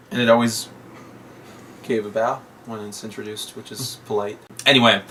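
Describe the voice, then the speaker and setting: A man's voice: medium pitch, steady tone, normal speed, fairly bright tone. A young man chats through a film's plot in a casual, rambling way, jumping into silly character voices. He sits a little back from the mic, and a faint hiss runs under the recording. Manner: rambling retelling, quoting characters in voices, laughs often. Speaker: podcast co-host. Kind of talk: casual movie review chat. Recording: distant mic with faint noise.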